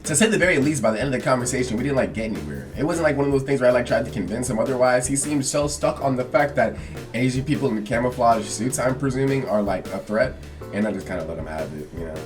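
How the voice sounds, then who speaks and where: A man's voice: mid-range voice, animated, quick pace, far from the mic, over music. A young man telling a comedic story from his life as a vlogger, acting out the people he quotes.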